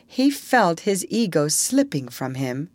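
A woman narrating a storybook in an expressive, measured reading. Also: fairly low pitch, no echo, clean studio sound.

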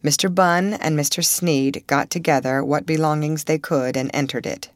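Woman narrator, audiobook, low voice, dry close sound. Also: fairly even intonation, normal speed, dry recording.

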